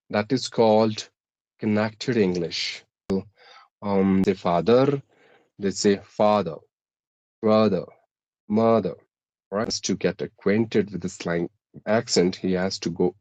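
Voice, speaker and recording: A man's voice: fairly low pitch, takes it slowly, a little mellow, rough recording. A man, an English teacher, explaining pronunciation and accent by going through numbered rules. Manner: methodical, lists numbered rules. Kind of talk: explaining English-speaking tips.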